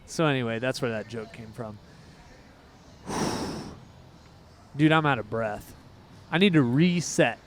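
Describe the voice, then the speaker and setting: A man co-hosting a casual music podcast, talking in an excitable, rambling way with quick asides. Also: mid-range voice, slight background noise. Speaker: podcast co-host. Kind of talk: casual chat.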